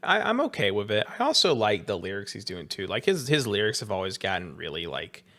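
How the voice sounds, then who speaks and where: A man with a lowish voice talks casually as a podcast co-host. He is hoarse, losing his voice, and keeps clearing his throat. His talk rambles and hesitates, with many restarts. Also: big pitch swings, fairly quick, sharp tone. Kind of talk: casual chat.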